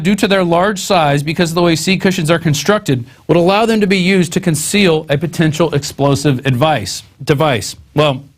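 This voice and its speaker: A man hosting a news show, reading articles aloud and adding sarcastic, conversational asides. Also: a little high.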